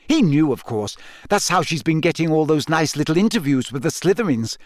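A man reading aloud and voicing a clever, eager teenage schoolgirl who speaks briskly and knowingly. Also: fairly high pitch, sing-song, no echo, clean studio sound, voice pushed up.

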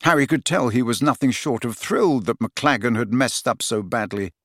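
A man narrating an audiobook with steady, expressive storytelling. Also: medium pitch, moderate pace, dry recording, clean studio sound. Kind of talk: scripted narration.

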